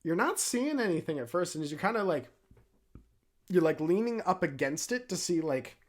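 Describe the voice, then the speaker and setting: A man's voice: high voice, big pitch swings, normal speed. A man running a tabletop game as dungeon master, describing scenes in a laid-back way with many fillers.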